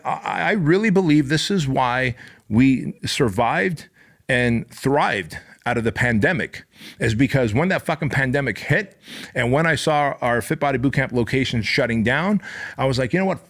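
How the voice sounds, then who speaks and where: A middle-aged man hosting his own show, giving an intense, profane motivational monologue that builds to loud peaks. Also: mid-range voice. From Armenia. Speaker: podcast host.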